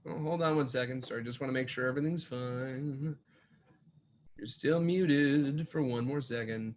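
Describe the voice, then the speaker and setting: A man's voice: medium pitch, normal speed, a little mellow, slight background noise. A man hosting an online pub trivia night. He reads and repeats each question and adds playful, jokey asides. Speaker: trivia host.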